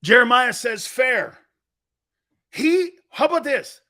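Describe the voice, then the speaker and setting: Brash high-pitched male sports show host. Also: very animated, takes it slowly. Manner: brash, loud, trash-talking, laughs often. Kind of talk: live sports radio show reading listener chat.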